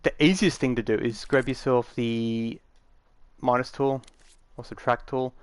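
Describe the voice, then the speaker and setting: A man's voice: medium pitch, fairly even intonation, measured pace, clear, resonant tone, no echo. A man giving a casual, rambling tutorial, matter-of-fact and full of fillers, recorded dry on a close mic. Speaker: game tutorial maker.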